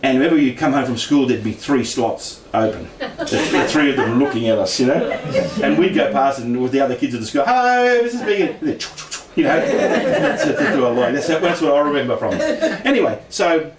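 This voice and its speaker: Amid crowd noise, a middle-aged man from Australia animatedly tells a casual personal story about paranormal experiences, speaking a little fast at medium pitch with hardly any pauses. He laughs frequently and performs the voices he quotes. The sound is echoey, with a distant mic and faint noise.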